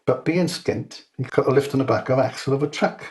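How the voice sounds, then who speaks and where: A man reading his own comic short story aloud in a dry, deadpan manner. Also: mid-range voice, brisk.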